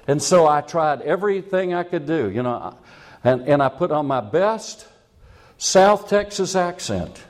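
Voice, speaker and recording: A man's voice: fairly high pitch, animated, a little slow. A male preacher with a slightly raised voice that swoops up and down as he talks. He tells a story from his own life in a chatty, self-mocking way. He often chuckles at his own jokes before he turns to the lesson. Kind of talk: sermon with a personal story.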